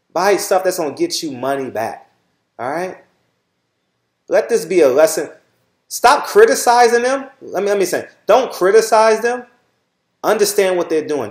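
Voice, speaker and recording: A blunt, preachy middle-aged man with a Southern Californian accent talks straight to his viewers and swears freely. His voice sits a little high for a man. The room around him rings with echo. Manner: repeats "all right?" often. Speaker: channel host. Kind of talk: casual monologue to viewers.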